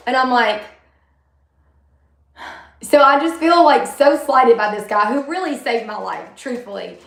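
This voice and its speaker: A woman talks straight to her viewers, blunt and unfiltered, her speech full of fillers and swearing. Her voice sits a bit high. The sound is roomy and echoey. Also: moderate pace, a bit bright. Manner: candid, blunt, swears freely, many fillers. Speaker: vlogger sharing her story. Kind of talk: casual personal storytelling, talking to viewers.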